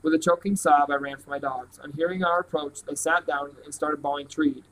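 Man, novel read-aloud, steady, plain delivery, somewhat high voice. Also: brisk, poor audio. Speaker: reader.

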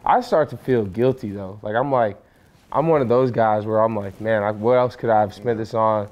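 A young man speaks as a guest in a relaxed chat among friends. His voice sits a little low. He talks in a thoughtful, candid way. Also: moderate pace, dull audio.

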